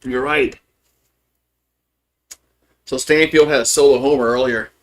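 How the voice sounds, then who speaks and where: A man calling a live baseball game as a fan streamer, openly rooting for his team, chatty and loose, with rambling asides between pitches. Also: fairly even intonation, measured pace. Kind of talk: live baseball play-by-play commentary.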